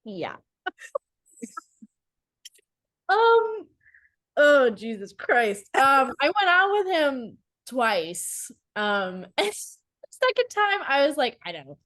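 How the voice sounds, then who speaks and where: In a high-pitched, slow voice marked by long pauses, a female podcast co-host shares dating stories in relaxed conversation. She laughs frequently and narrates with energy, using many fillers.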